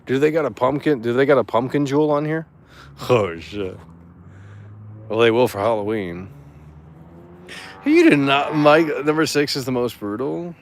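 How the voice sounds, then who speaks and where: A man streaming live, chatting casually and reacting to chat in an excitable, profane way with frequent stammered restarts. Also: medium pitch, normal speed, a little hiss or hum. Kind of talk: casual livestream commentary reading chat.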